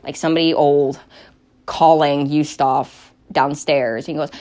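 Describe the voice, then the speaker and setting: A woman's voice: deep voice, steady tone, a little slow, warm tone. A woman game master casually recounting her tabletop game, rambling with many restarts. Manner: rambling, full of fillers and restarts. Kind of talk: casual storytelling while knitting.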